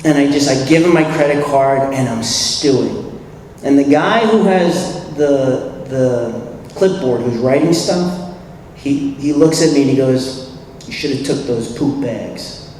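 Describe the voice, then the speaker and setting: A man's voice: mid-range voice, unhurried. Man telling a story in an echoey hall. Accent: New York. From New York City. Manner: animated storyteller acting out dialogue, laughs often. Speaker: recovery meeting speaker. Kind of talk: personal recovery story talk. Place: convention hall. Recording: echoey hall, distant mic, faint hiss.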